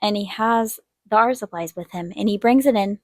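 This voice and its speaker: Drawing as she talks, an art channel host, a young woman with a middle-range pitch, casually recounts something that happened to her. She's lively and talkative, acting out quotes in a higher voice at a moderate pace. The sound is close and dry, without any room sound.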